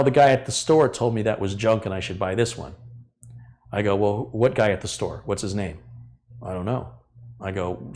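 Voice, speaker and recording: A man's voice: lowish voice, a little mellow. A middle-aged man hosting a live tech stream, ranting bluntly and acting out his customers' side of phone calls. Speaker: tech channel host.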